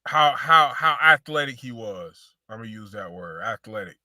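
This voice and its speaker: A man's voice: fairly low pitch, lively intonation, normal speed, sharp tone, dry recording, studio quality. A man hosting a casual sneaker show, talking slangy and loose, repeating phrases and calling his viewers y'all.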